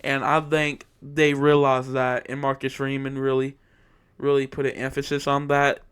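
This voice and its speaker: A man's voice: mid-range voice, completely flat delivery, normal speed, fairly bright tone, clean tone, dry recording. A young man giving a heated, repetitive opinion monologue about his football team as a channel host. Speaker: sports commentator. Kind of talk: casual sports opinion monologue.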